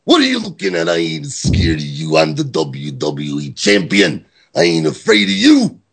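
A man putting on the voice of an intense, gravelly pro wrestler, delivering a dramatic promo with drawn-out lines. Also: a little high, wildly swooping pitch, fairly bright tone, full character voice. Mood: taunting.

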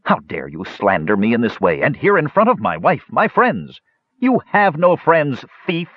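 A man's voice: fairly low pitch, wildly swooping pitch, normal speed, slightly rough, dry recording, muffled recording, heavily acted. A man voicing a furious old dwarf. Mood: outraged. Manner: furious, erupting. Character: hot-tempered old male dwarf.

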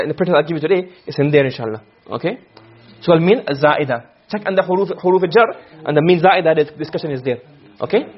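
A man's voice: high voice, slightly rough, lo-fi sound. A man teaching a class on Arabic grammar, quizzing his students with frequent questions.

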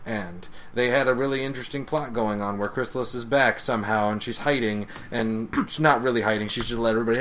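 A male podcast co-host in casual chat, joking and halting with repeated starts. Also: medium pitch, a bit bright.

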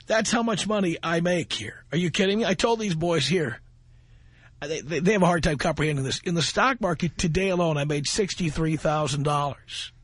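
Male radio host, high-ish voice, husky edge, brash and boastful, studio mic. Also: moderate pace, no echo. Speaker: radio talk show host. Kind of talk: radio talk monologue.

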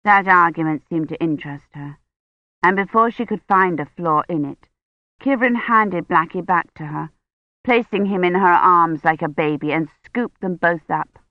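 A woman reading an audiobook in measured, scripted narration. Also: lowish voice, no echo. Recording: dull, dry studio audiobook recording.

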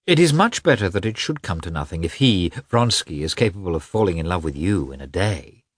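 A man voicing a gentle married woman. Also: low-pitched, lively intonation, fairly quick, slightly rough, no echo, clean studio sound. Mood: gentle, warm.

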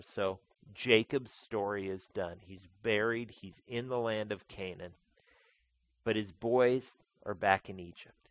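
A man's voice: lowish voice, steady tone, slow pace, no echo. A man preaching a sermon, reading scripture aloud and then explaining it in plain, everyday words to his congregation. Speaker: pastor. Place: church sanctuary.

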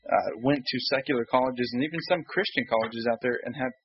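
Husky co-host man. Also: mid-range voice, fast talker, no room sound, highs cut off. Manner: brief, agreeable replies with explanations. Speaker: radio show co-host. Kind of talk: casual radio talk.

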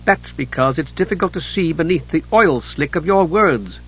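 A man voicing a gentle but sarcastic female nature goddess, speaking warily and drily in a husky voice. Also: mid-range voice, lively intonation, fairly quick, muffled recording. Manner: dry, sarcastic, skeptical.

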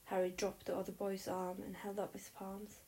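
A woman reading a story aloud in a soft, breathy narrating voice. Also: medium pitch, completely flat delivery, normal speed, low-quality recording. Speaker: audiobook narrator. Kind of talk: reading fan fiction aloud.

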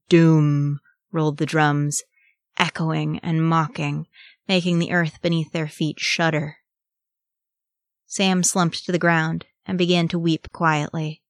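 A woman reading a fan fiction story aloud in steady, measured narration. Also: low voice, dry recording, studio quality. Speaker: audiobook reader.

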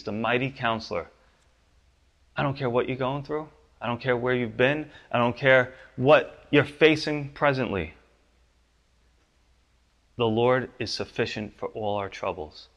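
A pastor preaching a sermon, his voice climbing high and loud for the pleas and dropping low and soft on the promises. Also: highs cut off.

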